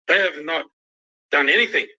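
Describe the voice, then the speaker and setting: An angry, emotional Australian man, a youth worker, rants on a livestream and swears constantly. His voice is a little high and sharp, at a normal speed, and the audio is dull and lo-fi.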